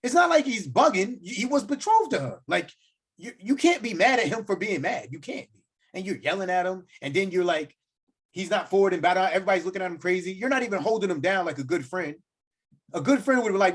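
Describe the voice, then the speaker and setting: A man's voice: high-pitched, lively intonation, fast, breathy edge. A man co-hosting a podcast, ranting in casual slang and acting out quoted lines. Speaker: podcast co-host. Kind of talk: casual chat.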